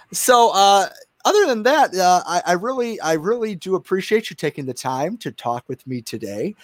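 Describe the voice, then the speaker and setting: A man's voice: sits high, expressive, moderate pace, no echo. A man hosting a casual interview, chatty, with many fillers and restarts and frequent laughter. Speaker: interview host.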